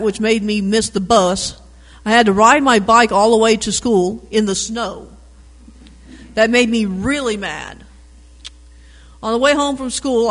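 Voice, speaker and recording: A man reading a picture book aloud with animated storytelling and chatty asides about the pictures. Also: sits high, big-room sound. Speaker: reader.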